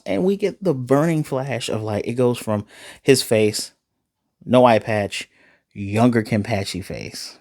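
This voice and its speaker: A man casually recapping an anime episode in an animated way, acting out quoted lines as he goes. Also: mid-range voice, measured pace, no room sound, clean studio sound. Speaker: anime reviewer.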